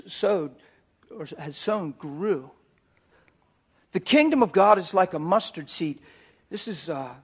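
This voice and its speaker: Preacher guy, high voice, gets loud and fired up, then drops real quiet. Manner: animated, rising to near shouts. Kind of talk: sermon.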